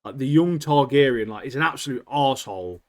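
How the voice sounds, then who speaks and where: A man's voice: mid-range voice, fast talker. A man co-hosting a podcast, chatting animatedly and laughing often. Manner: animated, laughs often, says "mate" a lot. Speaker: podcast co-host. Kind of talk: casual chat.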